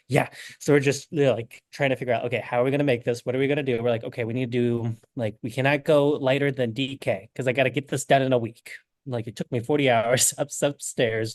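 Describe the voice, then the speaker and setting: A young adult man, a knitting designer telling an animated story in a casual interview, acting out the quotes. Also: mid-range voice, dry recording, studio quality. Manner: animated, acts out quotes with lots of "I'm like".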